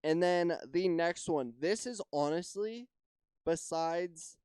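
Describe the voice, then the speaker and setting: A man hosting a solo podcast, chatting loosely and freely. His voice is smooth and clean, with a dry, close sound and no room around it. He rambles, hedges a lot and swears casually. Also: on the high side, slow, darkish tone, no echo. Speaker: podcast host.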